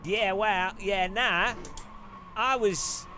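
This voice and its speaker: A man's voice: sits high, fairly even intonation, very slow, sharp tone, slight background noise, voice pushed up, exaggerated voice. A man doing a clumsy put-on Australian accent, playing a drawling bloke who boasts with stumbling, overblown claims. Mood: boastful. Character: laid-back Australian bloke, huge exaggerations.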